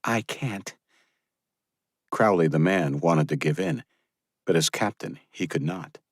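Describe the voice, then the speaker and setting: A man reading an audiobook as the narrator, in a steady, even storytelling manner. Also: deep voice, moderate pace, gravelly, no room sound, studio quality. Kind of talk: scripted narration.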